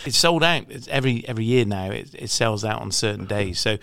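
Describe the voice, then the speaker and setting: A man's voice: lowish voice, animated, fairly quick, creaky, fairly bright tone, dry recording. A man co-hosting a podcast, chatting casually, laughing often and explaining products. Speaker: podcast co-host.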